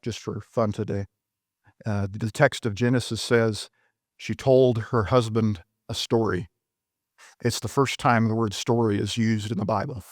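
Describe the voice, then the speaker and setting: A man's voice: medium pitch, dry recording, clean studio sound. A man preaching a sermon in a church, retelling a biblical story in a folksy, emphatic way.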